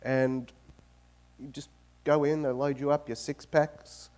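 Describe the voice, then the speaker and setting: A man with an Australian accent giving a guest talk in a university auditorium and telling jokes in a lively, storytelling way. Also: mid-range voice, takes it slowly. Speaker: guest speaker. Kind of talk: informal talk with joke-telling.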